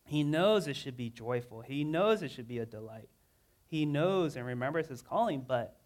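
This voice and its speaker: A man's voice: medium pitch, animated, moderate pace. A man preaching a sermon in a casual, conversational way, reading scripture aloud with rising emotion. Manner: earnest, reads scripture dramatically with rising emotion.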